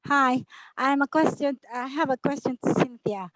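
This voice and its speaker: A woman's voice: sits high, normal speed, no echo, poor audio. A woman joining a group video call from her phone, speaking in a heartfelt way and often repeating herself. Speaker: call participant.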